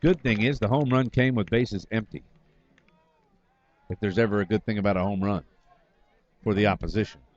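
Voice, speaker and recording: A man doing brisk, wry radio play-by-play of a baseball game from a booth at the field, correcting himself as he goes. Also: lowish voice, darkish tone. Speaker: play-by-play announcer. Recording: slightly dull lo-fi broadcast audio.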